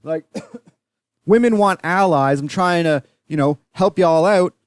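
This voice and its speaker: A man's voice: on the high side, takes it slowly, clear, resonant tone, no echo, studio quality. A young Canadian man hosting a podcast, telling stories in a profane, rambling, casual monologue. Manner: profane, rambling, animated when retelling. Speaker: podcast host.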